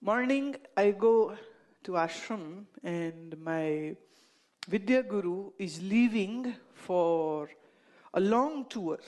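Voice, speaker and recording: An Indian woman recounts anecdotes in an unhurried, measured delivery. Her tone is playful and amused, and she often laughs at her own tales. Her voice sits at a middling pitch. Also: darkish tone. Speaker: speaker telling stories to an audience. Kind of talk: anecdotal storytelling talk.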